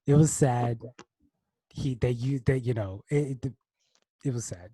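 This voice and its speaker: Young guy podcast host rambling about a movie, dry close sound, husky. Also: medium pitch, slow pace, pauses often, dry recording. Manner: rambling, restarts often, animated retelling. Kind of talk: casual chat.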